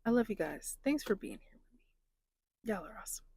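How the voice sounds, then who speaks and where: A plus-size influencer, a young adult woman, talks in a casual confessional vlog, earnest and emotional and saying "like" a lot. Her mid-range voice is gravelly, husky and dark in tone, animated and a little fast.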